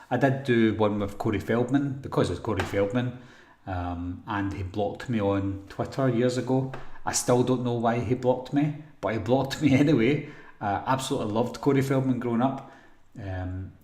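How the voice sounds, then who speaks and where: Male host, lowish voice, rambling live chat reads, roomy echo. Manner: relaxed, rambling, frequent ums and throat clearing. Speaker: horror channel host answering live chat. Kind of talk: casual live stream Q&A.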